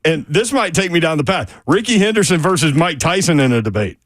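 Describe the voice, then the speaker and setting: A man's voice: fairly high pitch, expressive, brisk, dry recording. A man hosting a sports radio show, chatting casually and reading listener messages.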